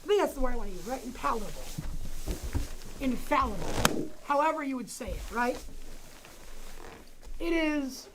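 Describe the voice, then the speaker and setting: A woman hosting a casual livestream, animated and exclaiming often, swearing freely as she talks to her viewers. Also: high voice, moderate pace, long pauses, heavy background noise. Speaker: livestream host.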